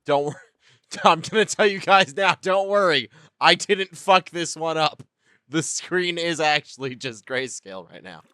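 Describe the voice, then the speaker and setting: Bright, profane gaming commentator man. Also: a little high, lively intonation, measured pace, clear, resonant tone, no room sound, studio quality. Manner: joking, profane, talks to viewers. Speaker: let's play host. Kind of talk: casual gameplay commentary.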